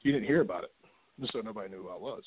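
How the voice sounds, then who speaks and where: A man, a wrestler guest on a podcast, talking in a halting way with many restarts and fillers. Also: fairly low pitch. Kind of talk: casual podcast chat. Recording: tinny phone-like line.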